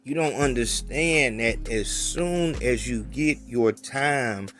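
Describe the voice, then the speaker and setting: Slow, lecturing man on a podcast. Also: mid-range voice, a bit bright. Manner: blunt, lecturing, profane. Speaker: podcast host. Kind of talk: casual advice-giving commentary. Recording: faint music underneath.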